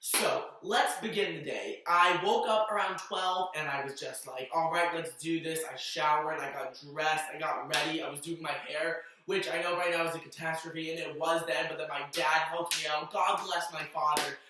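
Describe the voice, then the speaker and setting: A young man from Massachusetts telling a fan meet-up story in a vlog, gushing with breathless excitement. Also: a little high, normal speed, few pauses, distant mic, background noise. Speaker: vlogger. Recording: echoey room, off mic.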